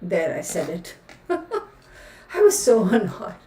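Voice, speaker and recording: This tarot reader hosts a livestream and chats casually, ranting in an outspoken, exasperated way full of fillers. Her voice sits on the low side, sing-song and slow. There's background noise, and the far-off mic makes it sound roomy.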